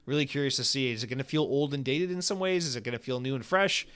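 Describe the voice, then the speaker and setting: A male podcast host talking casually on his own show. He is animated and sarcastic, drops profanity easily and fills his talk with casual fillers. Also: mid-range voice, quick pace, clear, resonant tone. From United States.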